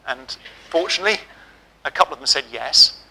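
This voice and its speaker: A middle-aged man giving a keynote speech, telling lively, humorous stories. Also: on the high side, fairly quick, gravelly, husky, rough recording. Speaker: keynote speaker. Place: auditorium.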